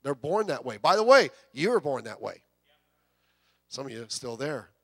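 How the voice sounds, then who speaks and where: A man preaching a sermon, emphatic, with rhetorical questions and drawn-out key words. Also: medium pitch, sing-song, gravelly, fairly bright tone. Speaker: pastor.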